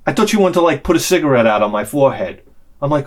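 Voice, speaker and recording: Animated, high-swinging man. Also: fast talker. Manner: animated, swings loud and quiet, acts out quotes. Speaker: channel host. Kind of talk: casual storytelling vlog.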